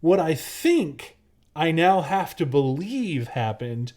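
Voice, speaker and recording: A man's voice: fairly high pitch, sing-song, slow, darkish tone. A man co-hosting a casual podcast, telling a story in a rambling way with lots of fillers and restarts. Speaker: podcast co-host.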